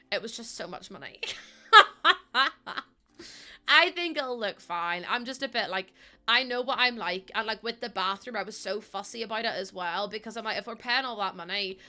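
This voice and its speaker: A woman's voice: medium pitch, sharp tone. A pregnant woman, chatting casually and telling stories while streaming a game. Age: 20s. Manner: chatty storytelling with laughs and acted-out quotes.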